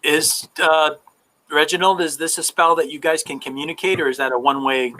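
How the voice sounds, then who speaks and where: A male game master narrating a tabletop game in a loose, relaxed way, full of fillers. His voice is bright and a touch high, and he moves easily between questions to the players and description. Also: brisk, rough recording.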